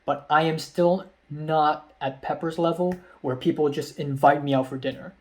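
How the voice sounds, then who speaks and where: Young male vlogger, slightly high voice, rambling and self-deprecating, lots of ums. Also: steady tone, normal speed. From Hong Kong. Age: young adult. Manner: rambling, repeats himself, many ums; self-deprecating, laughs at himself. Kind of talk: casual vlog storytelling.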